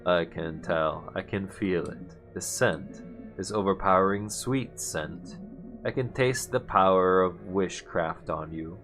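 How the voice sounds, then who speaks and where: A man voicing a cruel male king villain in a game, speaking slowly and low with threats. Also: fairly bright tone, faint music behind. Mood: menacing. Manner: slow, low, threatening delivery. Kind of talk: video game voice-over reading.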